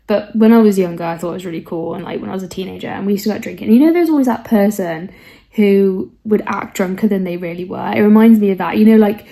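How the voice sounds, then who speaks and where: A young woman chatting casually on a book vlog, a bit husky from a cold, rambling and self-deprecating with asides to the viewer. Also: mid-range voice, fast talker, dark tone. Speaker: book vlogger.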